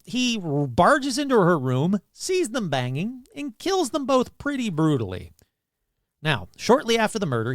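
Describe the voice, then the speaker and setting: A podcast host with a high-sitting voice tells ghost stories in a casual, comedic way, peppering them with crude jokes and asides. The sound is clean studio quality with no echo.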